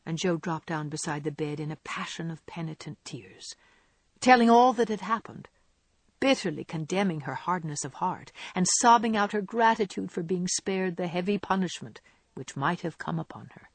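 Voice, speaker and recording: A woman narrating a classic novel in an expressive, measured storytelling voice. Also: on the low side, husky, no echo. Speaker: audiobook narrator.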